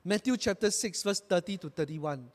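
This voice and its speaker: A man preaching a sermon with a high voice, his words rising in emphatic bursts. He calls on the congregation to repeat lines after him. The sound rings with a long reverb, as in a church hall. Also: normal speed. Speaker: pastor.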